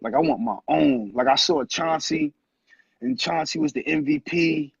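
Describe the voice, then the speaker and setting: Casting note: animated male storyteller, high voice, dry lo-fi sound. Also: moderate pace, dry recording. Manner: animated storyteller who acts out quotes. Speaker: guest, former pro basketball player. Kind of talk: casual storytelling interview. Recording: muffled lo-fi audio, husky.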